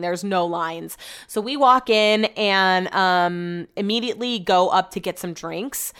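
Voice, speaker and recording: A woman's voice: medium pitch, a bit bright, smooth. Chatty, slangy young woman telling a story. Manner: chatty, slangy, swears freely. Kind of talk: casual storytelling.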